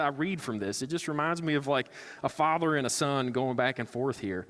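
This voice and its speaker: A man's voice: medium pitch, fairly quick, fairly bright tone, long reverb tail. A man preaching a sermon as a pastor, talking in a casual way and acting out quoted lines with sarcasm. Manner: conversational, acts out quotes with sarcasm. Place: church sanctuary.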